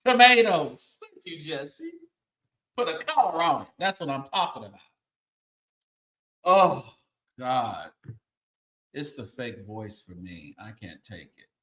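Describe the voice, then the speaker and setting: Man host, unhurried, swooping lively pitch, sassy asides, echoey room. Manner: sassy, animated, sighing and laughing asides. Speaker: show host. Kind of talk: casual commentary show.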